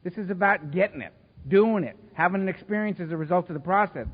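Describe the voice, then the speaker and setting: A man speaking at a recovery meeting, telling his story in an animated, self-mocking way. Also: sits high, quick pace, husky. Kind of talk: storytelling talk to a live meeting. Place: meeting hall. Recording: echoey hall, dull lo-fi sound.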